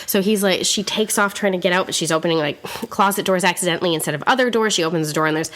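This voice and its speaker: A young woman casually recapping a film on a podcast, swearing freely and acting out the characters' lines in quick asides. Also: lowish voice, a bit bright. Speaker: podcast co-host.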